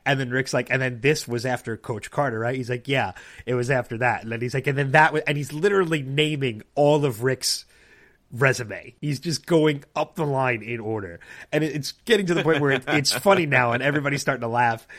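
A man's voice: medium pitch, fairly quick, a bit bright. A man hosting a podcast, casually telling a long anecdote and acting out other people's lines. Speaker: podcast host. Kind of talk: casual storytelling chat.

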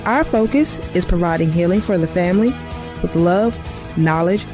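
A woman reading a scripted radio program intro in a smooth, measured way. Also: lowish voice. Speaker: program announcer. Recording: voice over music bed.

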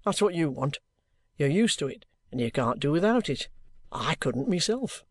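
A reader doing a shrewd, good-humoured detective who talks a weary old man round with bantering encouragement. The voice sits at a middling pitch, close and dry with no room sound, in an audiobook reading. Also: very animated, normal speed, dry recording. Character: shrewd, jovial middle-aged male detective.

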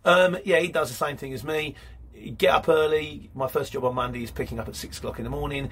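Talking fast with a fairly high, somewhat bright voice and fairly flat intonation, this man reads viewer comments aloud and responds in a loose, mate-filled ramble. It's a casual live-stream chat on his own channel, with slight background noise.

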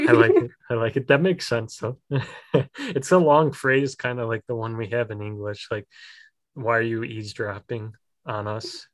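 A woman's voice: a bass voice, moderate pace, dry recording. A woman English teacher hosting a casual chat about sayings, asking questions and laughing often. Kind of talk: casual conversational lesson.

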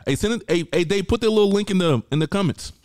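A man co-hosting a podcast, loud, profane and joking in casual chat. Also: sits high, fast talker, dry recording, studio quality. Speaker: podcast co-host. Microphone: studio mic.

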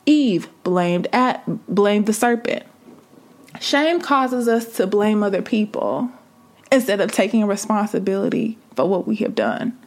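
A woman's voice: medium pitch, lively intonation, a little slow. A woman preaching a sermon, building fervor through repeated rhetorical questions. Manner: impassioned, repetitive rhetorical questions.

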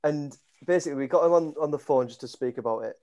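A Yorkshire man with a slightly high voice tells a work story on a podcast. He acts out each quoted line as he goes. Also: quick pace. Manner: lively anecdote-telling, acting out quotes. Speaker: podcast co-host. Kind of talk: casual storytelling chat.

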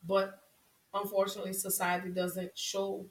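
A female vlogger delivers an impassioned monologue to her viewers, repeating herself for emphasis as her voice rises with emotion. Her mid-range voice is monotone at a moderate pace, and the recording sounds distant with a roomy echo.

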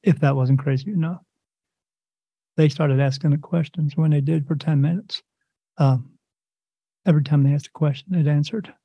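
A man's voice: a little high, moderate pace, pauses often, breathy edge, no room sound, muffled recording. A man as an interview guest, telling a long personal story in a loose, rambling way, acting out what others said and adding sound effects. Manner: animated, rambling retelling with quoted dialogue and sound effects. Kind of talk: casual storytelling.

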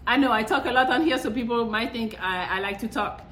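Young woman host, higher voice, blunt and swearing, echoey room with faint background hum. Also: fairly quick, a bit bright. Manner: blunt, profane, exasperated. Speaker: podcast host. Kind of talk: casual monologue.

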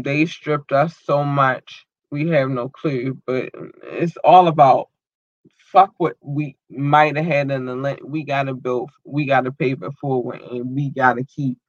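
A man hosting a podcast, giving casual shout-outs to his listeners and talking in a loose, emotional way with a lot of swearing. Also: mid-range voice, dry recording, highs cut off. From United States. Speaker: podcast host.

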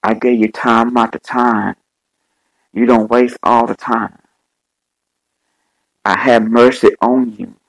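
Man voicing wrathful Jesus, sermon, gravelly, slow unbending verdicts. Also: mid-range voice, flat delivery, dry recording, poor audio. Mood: stern. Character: stern wrathful Jesus, grown man, judging sinners.

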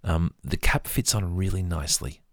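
A man's voice: deep voice, normal speed, a bit bright, dry recording, studio quality. A man talking casually through his mug collection in a rambling, self-deprecating way. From Australia. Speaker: vlogger. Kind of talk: casual show-and-tell monologue.

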